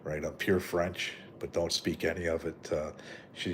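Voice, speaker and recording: Low-voiced middle-aged canadian guy rambling on a live stream, swears a lot, says "right?" all the time. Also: flat delivery, normal speed, slight background noise. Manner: rambling, profane, full of fillers and "right?". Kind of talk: casual rambling live chat.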